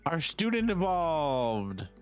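A man's voice: on the high side, sing-song, drawn-out words, clean tone. A man streaming live, chatting casually with viewers as he plays, self-mocking and swearing freely. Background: faint game music.

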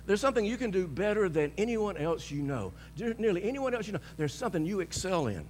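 A male pastor preaching a sermon, telling a story with lots of chuckles and shouting out bold declarations. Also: sits high, sing-song, fairly quick, big-room sound, slight background noise.

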